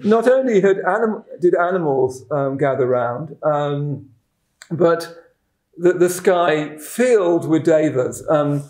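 A middle-aged man, a Buddhist teacher telling a story in a dharma talk, halting and repeating words, chuckling at his own stories. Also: on the high side, animated, darkish tone. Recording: roomy echoing room.

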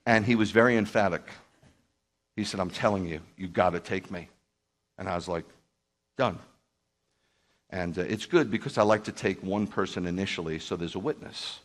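Male rabbi, very low voice, emphatic storyteller who acts out the dialogue in his sermon. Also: normal speed, long pauses. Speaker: Messianic rabbi. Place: speaking live to a group.

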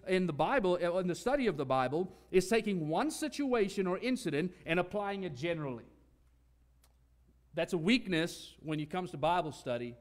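A man preaching a sermon, earnest and emphatic, teaching with repeated phrases. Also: high voice.

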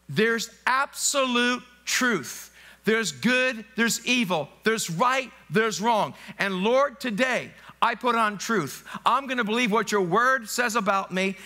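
A man's voice: high-pitched, bright, forceful tone. A male pastor preaching an emphatic sermon in a church, repeating phrases and slipping into spoken prayers. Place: church sanctuary.

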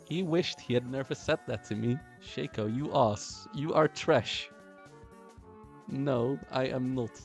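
A male streamer gives unhurried, playful commentary over his game, often repeating his own lines for effect. His voice sits in a middle pitch, and a faint music bed plays behind him. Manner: playful, joking, repeats phrases. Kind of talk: casual gameplay commentary.

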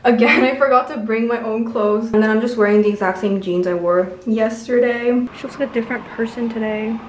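An eighteen-year-old woman vlogging in an upbeat, chatty way, her voice sitting a little high. She fills her talk with "like" and "literally". A steady background noise runs under the compact-camera recording. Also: fairly quick. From Toronto, Canada. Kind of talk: casual vlog talk. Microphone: compact camera held by the vlogger.

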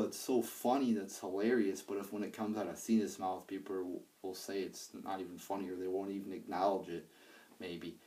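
A young man with a low, dark, mellow voice talks through a wrestling show he watched, rambling and cursing freely and restarting his sentences. He sounds set back from the microphone, as if recording on a tablet held away from him. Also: far from the mic. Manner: rambling, profane, many fillers and restarts. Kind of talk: casual spoken review. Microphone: handheld iPad.

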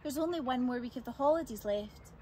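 A cheerful young girl from a storybook, bright and quick in her speech, as a woman reads her lines. Her voice sits a little high. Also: slight background noise, lightly acted. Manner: bright, brisk. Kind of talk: storybook read-aloud.

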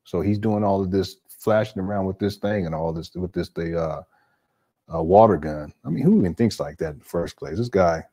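A man's voice: low voice, brisk, warm tone. A man hosting a live stream, reacting to a clip with incredulous exclamations and talking to his chat. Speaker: live-stream commentary host.

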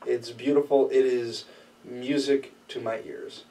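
A man's voice: medium pitch, fairly even intonation, unhurried, mellow, recorded from a distance, low-quality recording. A man in casual podcast chat who tosses in dry, teasing quips. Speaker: podcast co-host.

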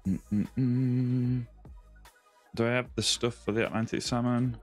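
This game streamer speaks quickly in a level, medium-pitched tone, with soft music in the background. He has a Lancashire accent, from England's northwest near Yorkshire, and chats with viewers, greeting each by name.

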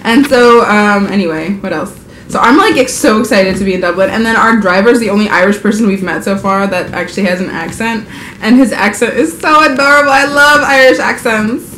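A young travel vlogger with a mid-range, slightly bright voice chats a bit fast indoors in a Dublin room. Sleep deprived and scattered, she keeps losing her train of thought, and the handheld camera audio is noisy.

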